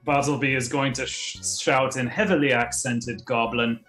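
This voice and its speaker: A man's voice: medium pitch, steady tone, normal speed, a bit bright, soft background music. Stern, stammering male player in roomy sound. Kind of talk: in-character tabletop role-play.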